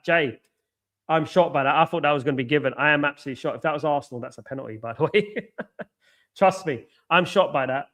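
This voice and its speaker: A man hosting a live football watchalong, chatting to viewers by name and reacting excitably to each moment of play. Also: fairly high pitch. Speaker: watchalong host.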